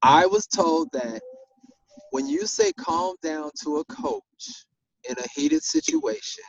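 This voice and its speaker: A sports official telling a story in a casual group discussion, animated and given to repeating himself. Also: male voice, high-pitched, takes it slowly, gravelly, dull audio, slight background noise.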